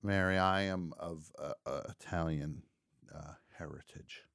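Low-voiced man hosting a call-in show. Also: unhurried, vocal fry, a bit bright, smooth, dry recording, studio quality. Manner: rambling, jokey asides. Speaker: talk show host. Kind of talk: casual call-in chat.

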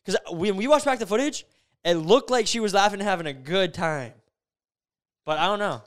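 A man's voice: high voice, animated, normal speed. A young man co-hosting a casual podcast with joking, teasing banter. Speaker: podcast co-host.

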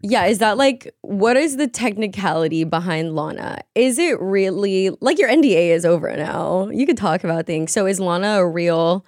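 A woman's voice: medium pitch, animated, moderate pace, few pauses, a little mellow, no room sound, studio quality. Teasing woman podcast co-host. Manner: teasing, playful questions. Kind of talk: casual chat.

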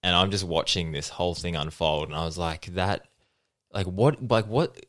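A young man hosting a podcast, telling stories in a quick casual chat and acting out the people in them. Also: low-pitched, no room sound, clean studio sound. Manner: fast storytelling, acting out quoted people. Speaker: podcast host.

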